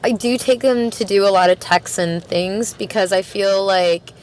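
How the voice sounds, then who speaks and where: In a casual interview, a woman from Canada who works at a record store appears as a podcast guest. She speaks at a medium pitch and moderate pace, rambling and chatty, with frequent fillers and laughter.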